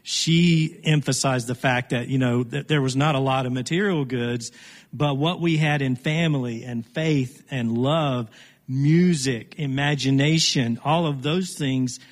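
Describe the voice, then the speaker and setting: Man from appalachia on a radio interview, earnest and reflective, mid pitch, lots of reverb trailing off. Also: a little slow. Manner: reflective, earnest, occasional restarts. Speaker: Appalachian studies scholar.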